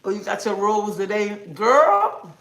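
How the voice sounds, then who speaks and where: A woman's voice: medium pitch, moderate pace. Sassy woman chatting on a livestream. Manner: sassy, chatty, scolding viewers playfully. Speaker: livestream host. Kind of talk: casual livestream chat with viewers. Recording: roomy echo.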